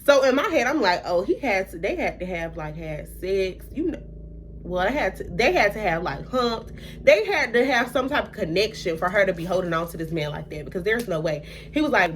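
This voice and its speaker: A young woman vlogger, telling a storytime in an animated way and acting out quotes in hushed asides. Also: medium pitch, fairly quick, a little hiss or hum. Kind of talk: storytime vlog.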